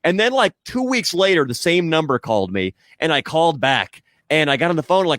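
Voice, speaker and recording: A podcast host in casual chat, telling a rambling, profane story in an animated way. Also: male voice, on the high side, fairly quick, few pauses, dry recording, studio quality.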